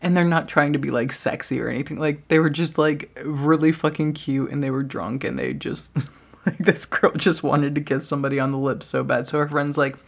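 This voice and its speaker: A woman's voice: low voice, fairly even intonation, moderate pace, creaky. A woman hosts her own podcast and tells stories in a loose, rambling monologue. She laughs often and swears freely as she goes. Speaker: podcast host. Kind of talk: casual storytelling monologue.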